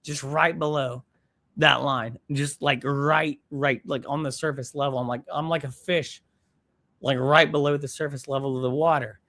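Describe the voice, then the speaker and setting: A man's voice: mid-range voice, fairly even intonation, normal speed, sharp tone. Blunt, profane man hosting a stream. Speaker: live stream host. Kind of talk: live stream rant and chat reading.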